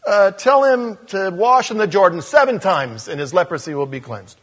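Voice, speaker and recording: A man's voice: sits high, expressive, normal speed, fairly bright tone, in a large hall, voice pushed up. A man voicing an unbothered old prophet who talks casually, with hesitations. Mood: offhand.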